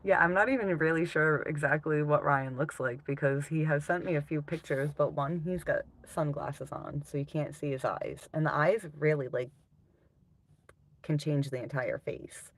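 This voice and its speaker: A woman's voice: deep voice, normal speed. A woman live streaming, chatting casually with her viewers, laughing often and swearing freely.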